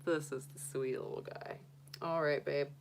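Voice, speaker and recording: A woman's voice: sits low, steady tone, normal speed, gravelly, slight background noise. A middle-aged woman chatting casually on a livestream and cooing baby talk to her pet rabbit. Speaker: tarot reader and astrologer.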